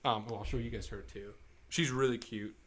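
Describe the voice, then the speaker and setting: A man's voice: fairly low pitch, fairly quick. A young man co-hosting a podcast, telling a crude dating story in casual banter, acting out both sides of a text chat and swearing often. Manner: animated storytelling, swears a lot, acts out text exchanges. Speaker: podcast co-host.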